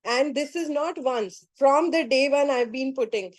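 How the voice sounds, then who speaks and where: A woman's voice: high-pitched, unhurried, hardly any pauses, no room sound, rough recording. A woman facilitator on a group call, talking firmly and insistently to her participants. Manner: firm, insistent, scolding.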